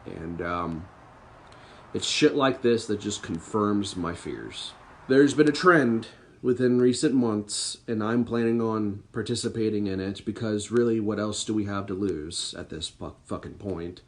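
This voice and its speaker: A man's voice: on the low side, a little slow. Young man on a profane, bitter rant. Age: young adult. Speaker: podcast host. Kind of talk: angry political rant to camera.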